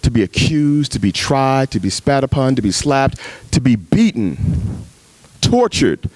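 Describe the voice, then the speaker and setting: A man gives a sermon at a men's retreat, his voice climbing sharply when he acts out arguing with God and settling low when he turns personal. The sound is dry and close, with little room echo. He speaks as a pastor talking straight to the men in front of him. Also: very animated, a little slow, a little mellow. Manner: preaching with big pitch swings, acting out dialogue with God.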